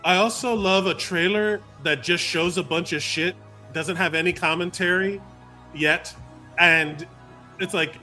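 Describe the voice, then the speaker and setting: A man's voice: a little high, moderate pace, sharp tone, soft background music. A man co-hosting a casual podcast chat, wordy and fond of explaining things at length. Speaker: podcast co-host.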